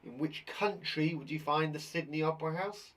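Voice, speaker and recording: A man's voice: on the high side, normal speed, fairly bright tone. A man who teaches and hosts a live children's quiz show, talking in an enthusiastic, jokey, chatty way.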